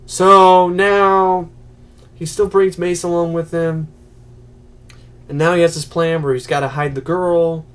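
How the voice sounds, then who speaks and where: A man with a slightly higher voice walks through a film scene by scene in a loose, rambling review. He leans on filler words and briefly acts out the characters' lines as he goes. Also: flat delivery, a little slow, long pauses, fairly bright tone, clear, resonant tone. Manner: rambling, many "you know" fillers, acts out quotes. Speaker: movie reviewer. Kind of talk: casual spoken film review.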